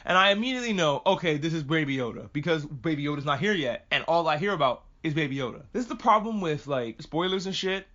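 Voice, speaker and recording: Fast-talking profane podcast man, lo-fi. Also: on the high side. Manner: profane, animated, jumps between tangents. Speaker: podcast host. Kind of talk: casual ranting recap.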